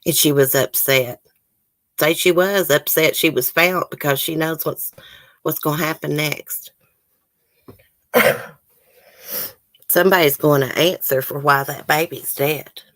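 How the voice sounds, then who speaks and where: A woman's voice: deep voice, steady tone, a little slow, long pauses, fairly bright tone, dry recording. A woman hosting a true crime livestream, near tears, sighing and talking to viewers in the chat. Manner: emotional, tearful, sighing, talks to chat. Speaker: true crime channel host. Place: home, near the case area.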